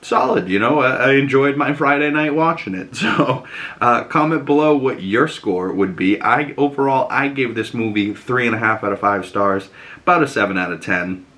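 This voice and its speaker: A man's voice: medium pitch, normal speed, pushed and bright. A man, talking through a movie review in a chatty, enthusiastic vlog style, full of "you know" and casual swearing. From Boston. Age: 20s.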